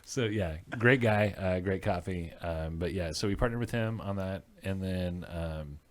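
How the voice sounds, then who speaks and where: Deep-voiced man, easygoing brewer talk. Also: a little slow. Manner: relaxed storyteller, many "um"s. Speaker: guest head brewer. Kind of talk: casual chat.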